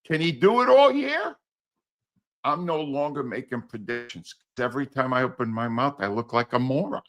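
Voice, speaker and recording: Animated, sarcastic sports radio veteran. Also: male voice, medium pitch, normal speed. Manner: blunt, animated, sarcastic, profane rants. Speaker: guest, former sports radio host. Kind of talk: sports talk show chat.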